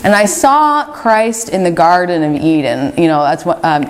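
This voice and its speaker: A woman's voice: on the low side, very animated, moderate pace, big-room sound, a little hiss or hum. A woman giving a spiritual talk to a group, telling her own experiences in a candid, conversational way with frequent fillers. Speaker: retreat speaker.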